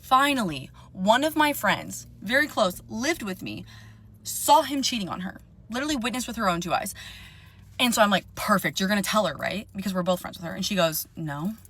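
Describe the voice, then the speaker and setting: A young woman telling a dating story in a casual, animated rant, swearing often and sounding indignant. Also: mid-range voice, a little fast.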